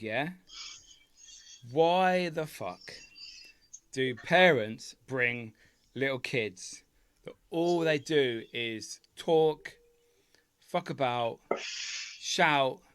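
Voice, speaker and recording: Brief: male podcast co-host, mid-pitched, swears constantly, rants in bursts. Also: clean tone, no echo. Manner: ranting, heavy swearing, animated outbursts. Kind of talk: casual chat.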